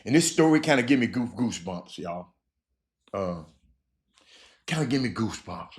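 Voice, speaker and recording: A man hosting a casual sports talk show, rambling and repeating himself with animated bursts. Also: on the low side, moderate pace, long pauses. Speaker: show host.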